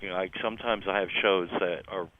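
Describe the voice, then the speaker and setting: An older man with a Philadelphia accent talks in a low voice, slow to find his words and full of ums and uhs. He comes through a narrow, tinny phone line. A faint hiss sits underneath him. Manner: relaxed, halting, many ums and uhs, wry laughs. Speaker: interview guest, musician. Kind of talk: phone interview chat.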